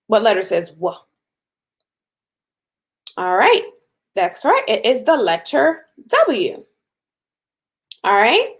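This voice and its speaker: A woman teaching a phonics lesson to young children, patient and encouraging, sounding out letters slowly. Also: on the high side, fairly bright tone. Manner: slow, patient, drawn-out sounds with encouraging praise.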